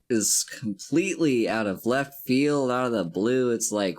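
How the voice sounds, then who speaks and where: A man co-hosting a casual film podcast, with dry humor, thinking aloud as he talks. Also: mid-range voice. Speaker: podcast co-host. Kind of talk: casual comedic film discussion.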